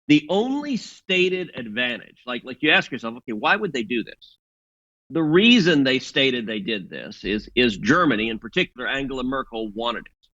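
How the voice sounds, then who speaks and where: Bright-voiced man arguing politics. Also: medium pitch, very animated, moderate pace, muffled recording. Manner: assertive, argumentative, repeats words when starting. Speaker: political commentator. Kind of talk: political commentary.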